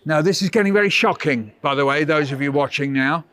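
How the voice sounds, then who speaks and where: Speaking fairly quickly in a fairly high, fairly bright voice, a man hosts a children's school workshop over a video call. He tells playful stories and teases the kids with theatrical mock-huffiness, and the audio has no echo.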